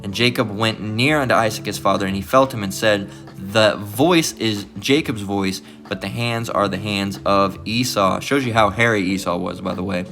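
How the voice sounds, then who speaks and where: This preacher's voice is fairly low and fairly bright, at normal speed, with faint music in the background. He reads archaic scripture with stumbles and rereads, then adds blunt asides in his commentary, each peppered with "all right?"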